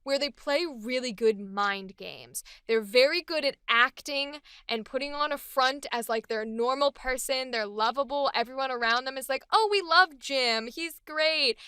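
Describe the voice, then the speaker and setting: A woman's voice: sits high, normal speed, hardly any pauses, bright, forceful tone, clean tone, no echo, clean studio sound. A woman voice actress chatting enthusiastically about a character she is voicing. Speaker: voice actress hosting a character series. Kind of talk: casual chat.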